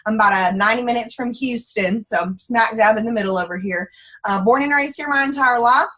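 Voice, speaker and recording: A woman's voice: on the high side, brisk, pushed and bright. A woman in her late twenties with a Texan accent, telling her own story to a group in a chatty, folksy way. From Central Texas. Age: 20s. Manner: chatty, folksy, uses y'all. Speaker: speaker at a training event. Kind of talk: personal story talk.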